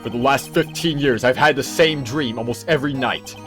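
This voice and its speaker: A man voicing a haunted, brooding young male prosecutor in a video game, low and grave. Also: fairly quick, music in the background, lightly acted.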